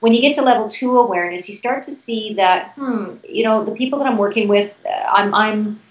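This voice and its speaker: A woman's voice: mid-range voice, fairly quick, recorded from a distance. Canadian woman explaining leadership ideas, echoey room. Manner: articulate, explanatory, frequent fillers and restarts. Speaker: leadership keynote speaker, interview guest. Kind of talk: conversational interview answers.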